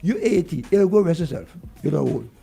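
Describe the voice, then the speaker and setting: Gravelly Vincentian man ranting. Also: a little high, animated, brisk, mellow, faint music behind. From Saint Vincent. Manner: vexed, ranting, repeats points. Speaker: radio guest. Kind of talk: heated political talk.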